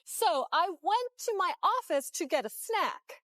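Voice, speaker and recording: A woman acting as an excitable young reporter in a scripted comedy skit, telling her story dramatically. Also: very high-pitched, measured pace, no room sound, exaggerated voice. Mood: storytelling. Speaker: skit performer.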